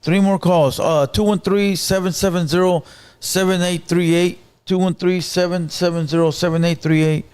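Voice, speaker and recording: A man's voice: high voice, steady tone, normal speed, few pauses, a little mellow, clean tone. A man hosting a call-in show, taking calls in a laid-back, slangy way. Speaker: host.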